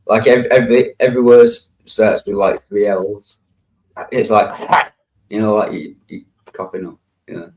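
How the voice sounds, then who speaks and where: A man's voice: lowish voice, steady tone, moderate pace, darkish tone, poor audio. A man chatting casually in a group stream, laughing often and leaning on fillers like "yeah" and "like.". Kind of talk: casual chat.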